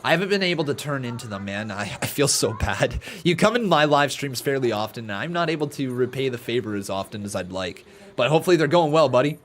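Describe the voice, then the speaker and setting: A man's voice: mid-range voice, expressive, fast talker, hardly any pauses, fairly bright tone, slight background noise. A man hosting a casual live stream, reading out donations and chatting with viewers, laughing at his own jokes. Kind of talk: casual watch-along chat with live chat.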